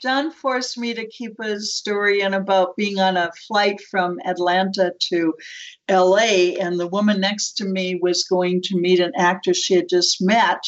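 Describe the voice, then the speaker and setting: A woman's voice: medium pitch, steady tone, a little slow, muffled recording. A woman co-author from Wisconsin, chatting casually and laughing through her stories. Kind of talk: casual conversation.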